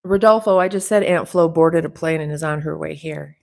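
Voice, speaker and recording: Chatty woman host, lowish voice. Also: moderate pace, vocal fry. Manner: teasing, chatty, reading viewer comments aloud. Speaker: livestream host. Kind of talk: casual livestream chat.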